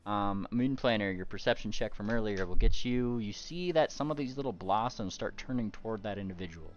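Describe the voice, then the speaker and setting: A man's voice: lowish voice, a little fast, lo-fi sound. A man running a tabletop game as game master, rambling with fillers and laughing often.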